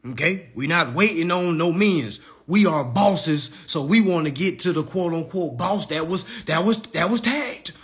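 A man hosting a comedic roast livestream, talking in an animated, profane way and laughing often. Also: fairly high pitch, normal speed, few pauses. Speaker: livestream host.

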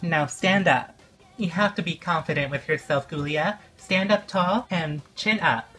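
A woman's voice: low voice, unhurried, a bit bright, faint music behind. A woman voicing a kind, confident teenage pop star girl in a doll play, coaxing and upbeat. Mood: encouraging.

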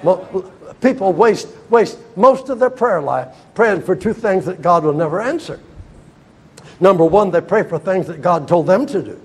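Older American evangelist, man, high husky voice, emphatic preaching that swings from shouts to hushed asides. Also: expressive, moderate pace. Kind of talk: sermon. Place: church hall.

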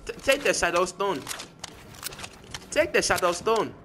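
A man putting on an excitable, stammering mock-African gamer voice as a prank in online game voice chat. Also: measured pace, background noise. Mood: bossy. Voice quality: high, sing-song, stammering repeats.

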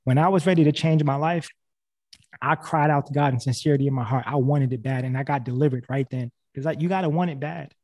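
A man's voice: medium pitch, fast talker, a little mellow. A man preaching casually and earnestly on a video call, repeating key phrases, with frequent restarts. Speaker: speaker sharing a faith testimony on a video call.

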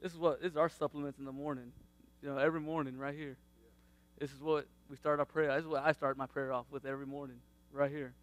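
A man, around his thirties, sharing a faith testimony about his family in a casual, animated way, laughing often and acting out what people said. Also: fairly high pitch, quick pace.

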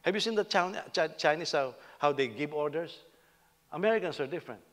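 A man's voice: a little high, lively intonation, brisk, fairly bright tone, long reverb tail. A Filipino man, a senior pastor, giving a humorous, conversational sermon.

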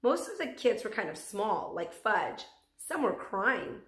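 A woman's voice: medium pitch, big pitch swings, a little slow. Woman teacher reading a chapter book aloud. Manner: gentle, warm sign-off. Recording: echoey room.

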